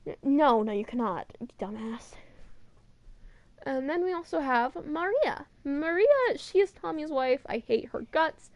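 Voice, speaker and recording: A woman's voice: high voice, lively intonation, a little slow, dry recording, dull audio. A young woman streaming, chatting casually and rambling as she looks through game models, with some swearing. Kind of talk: casual chat over a model viewer.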